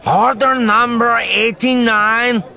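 A gruff, growling alien woman working a food counter, high and slow, as a man puts her on. Her lines come loud and drawn out, in a storybook reading. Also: steady tone, background noise, exaggerated voice.

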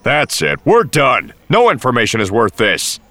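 Brief: male narrator as a brash smuggler, bright, loud, lively. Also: mid-range voice, normal speed, no room sound, voice pushed up. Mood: angry. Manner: loud, exasperated. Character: hot-tempered male space smuggler, adult.

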